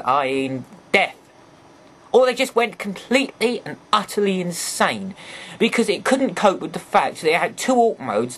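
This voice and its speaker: Male toy reviewer, chatty and rambling, animated pitch, jokey apologies. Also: husky.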